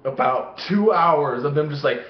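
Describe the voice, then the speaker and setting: A young man with a fairly high, very lively voice, telling rambling stories about his life and swearing constantly. He acts out the voices as he goes. The recording is dull and lo-fi, made in an echoey room. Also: moderate pace. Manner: heavy swearing, animated acting-out of voices. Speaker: vlogger. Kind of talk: rambling personal storytelling.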